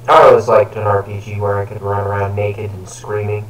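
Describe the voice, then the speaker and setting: A gaming co-host chats casually during a game, teasing, sarcastic and crudely swearing. His voice is lowish and level, a little fast, recorded on a distant mic in an echoey room with faint noise.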